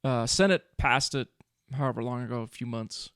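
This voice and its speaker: Male co-host, gravelly voice, dry close mic, chatty and explanatory. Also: mid-range voice, moderate pace, fairly bright tone, no room sound. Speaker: podcast co-host. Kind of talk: casual chat.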